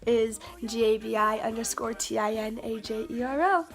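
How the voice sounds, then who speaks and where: A woman's voice: fairly high pitch, steady tone, moderate pace, faint music behind. A woman telling a story to her camera in a casual vlog, chatty and stammering, with lots of fillers and restarts. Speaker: vlogger. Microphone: camera mic.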